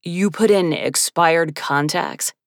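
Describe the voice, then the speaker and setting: A woman reading the part of a tall, deep-voiced male scientist who speaks tersely and precisely. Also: normal speed, no room sound, clean studio sound, lightly acted. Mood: deadpan.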